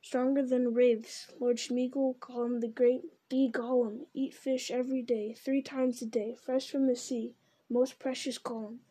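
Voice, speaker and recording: A woman's voice: a little high, little pitch movement, unhurried, mellow, husky. Gollum, a whining creature voiced by a woman. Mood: greedy. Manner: whining, wheedling, hissing repetitions. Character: wretched creature, male, split into two bickering selves.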